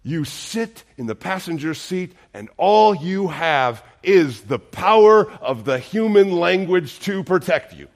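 A man's voice: high-pitched, animated, takes it slowly, few pauses. A male pastor preaching a sermon, earnest and emphatic, full of rhetorical questions.

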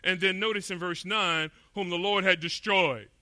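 A man's voice: high voice, fairly even intonation, moderate pace, pushed and bright, dry recording. A middle-aged man from Florida preaching a sermon with emphasis, asking rhetorical questions and voicing imagined speakers. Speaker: pastor. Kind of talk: expository sermon.

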